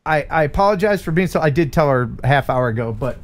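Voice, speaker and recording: A man's voice: fairly high pitch, lively intonation, fast talker, a little hiss or hum. A man hosting a live stream, chatting and joking with a guest and reading viewer messages. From USA. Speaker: host.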